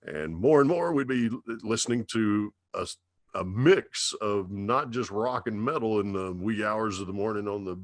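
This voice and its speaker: A man in his fifties with a Dallas Texas drawl, telling stories slowly and swearing freely as a guest on a casual podcast. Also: lowish voice, no echo. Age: 50s. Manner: slow drawling storyteller, heavy swearing. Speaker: radio DJ guest.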